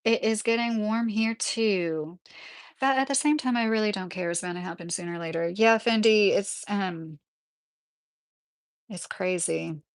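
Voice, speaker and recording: A woman's voice: mid-range voice, a little slow, smooth. A woman hosting a casual live stream from her rural home, rambling through stories with lots of fillers as she answers her chat. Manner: chatty, rambling, with frequent fillers.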